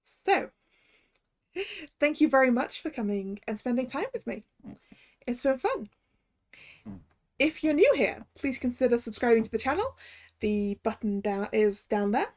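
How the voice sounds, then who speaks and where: A woman's voice: a little high, animated, a little slow, pauses often. A woman streamer chatting casually while playing through a game, reading its dialogue aloud. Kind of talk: casual game playthrough commentary.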